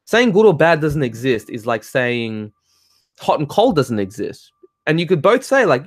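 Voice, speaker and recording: A man's voice: a little high, very animated, normal speed, no echo, clean studio sound. A man ranting heatedly in casual talk, swearing and laughing as he reads and answers comments. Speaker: spiritual talk host reading chat.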